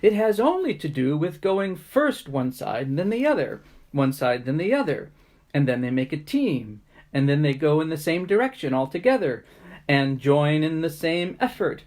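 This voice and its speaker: A woman voicing a big old wise spider who explains things gently and kindly. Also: low voice, sing-song, normal speed. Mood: explaining.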